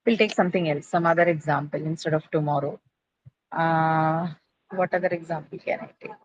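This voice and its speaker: A woman's voice: deep voice, steady tone, fairly quick, no room sound, dull audio. A woman teaching an English class, explaining patiently with frequent fillers and check-in questions. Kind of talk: online class lecture.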